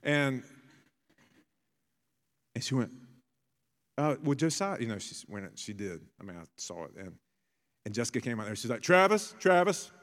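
A man in his thirties preaching a sermon as a pastor, telling family stories and building to bursts of excitement. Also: fairly low pitch, normal speed, pauses often, big-room sound.

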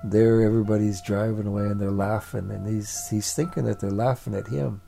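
A man's voice: lowish voice, steady tone, a little fast, vocal fry, mellow, soft background music. A man telling a family story aloud in a plain, repetitive storytelling way. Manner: repetitive, building phrases. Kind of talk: oral storytelling.

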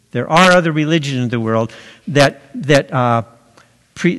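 Slow, deliberate preacher in a reverberant hall. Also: male voice, medium pitch, a bit bright. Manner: slow, deliberate preaching with emphatic pauses on key words. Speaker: pastor. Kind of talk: sermon.

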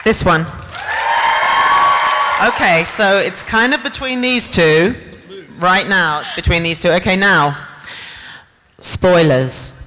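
On a large convention hall stage, a panel host with a handheld mic runs audience games, laughing playfully and calling out to the crowd in lively hosting. The mid-range voice is unhurried with long pauses, and the echoey hall carries a live crowd and faint noise.

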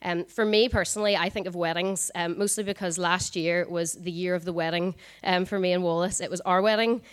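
Young woman preacher, lowish voice, quick and chatty with lots of ums. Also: steady tone. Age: 20s. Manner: fast talker, frequent ums. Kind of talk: conversational sermon. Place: church service.

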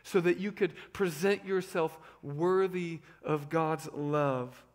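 A man in his thirties preaching a sermon as pastor, swinging between loud emphasis and hushed asides. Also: a little high, slow.

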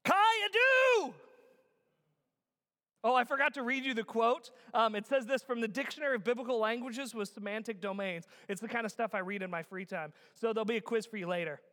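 A man preaching a sermon, animated and shouting key words for emphasis. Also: high-pitched, fast, few pauses. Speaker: pastor. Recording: echoey hall with long reverb.

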